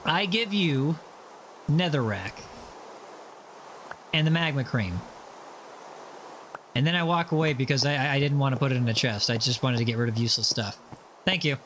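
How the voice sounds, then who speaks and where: Bright, high-voiced playful male streamer. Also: animated, moderate pace, long pauses, a little hiss or hum. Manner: playful, teasing, reads viewer messages aloud. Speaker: livestream host. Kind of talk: casual chat while gaming.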